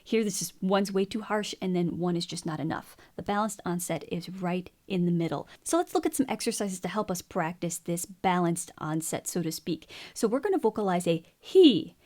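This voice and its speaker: A woman vocal coach teaching a singing lesson, explaining vocal technique in a clear, instructive way. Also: lowish voice, expressive, normal speed, hardly any pauses, darkish tone. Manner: explains clearly, then demonstrates sung syllables and counts beats.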